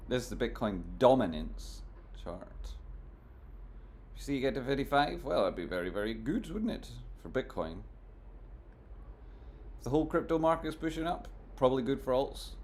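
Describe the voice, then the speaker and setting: A man doing live stream commentary on trading charts, talking to his chat in a jokey, theatrical way that swings between mock gloom and loud exclamations. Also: medium pitch, lively intonation, moderate pace, long pauses, a little hiss or hum. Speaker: stock market streamer.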